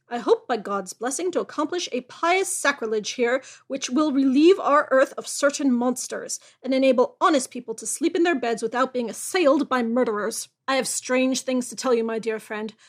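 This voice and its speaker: A woman reads aloud as a grave old soldier, gruff and haunted, his lines given in a high, bright register in a plain storybook reading. He is steady and unhurried, with little put-on voice. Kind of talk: audiobook reading.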